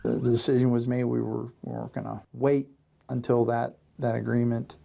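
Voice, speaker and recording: A man's voice: medium pitch, level tone, moderate pace, gravelly, mellow. A man, a fire chief, giving cautious interview answers with restarts.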